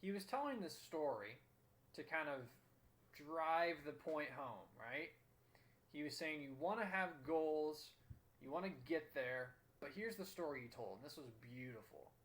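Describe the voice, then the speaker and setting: A man's voice: a little high, lively intonation, measured pace, a bit bright. Earnest young man telling a motivational story. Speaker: host. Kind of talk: motivational talk.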